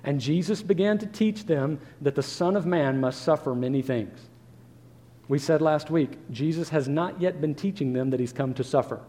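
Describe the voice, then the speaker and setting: A pastor preaches an earnest sermon at a moderate pace, posing rhetorical questions as he works through the text. His voice is a little high but mellow and warm, and a long reverb, like a church sanctuary, trails each phrase.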